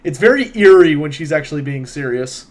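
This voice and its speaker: A man narrating a tabletop role-playing game as game master, unhurried and hesitant with fillers. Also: on the high side, animated, a little mellow.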